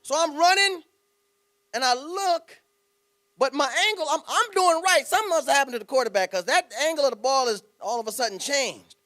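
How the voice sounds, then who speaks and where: A man with a very high, bright voice tells a story to a club audience. He acts it out with dramatic pauses and punchy spoken sound effects. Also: lively intonation. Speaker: guest speaker. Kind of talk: speech telling a story.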